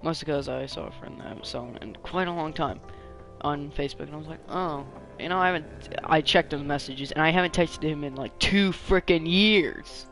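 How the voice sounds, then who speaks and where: A man's voice: on the high side, fairly quick, vocal fry, fairly bright tone, faint music behind. A man casually commenting while playing a game, rambling and self-deprecating. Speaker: let's player.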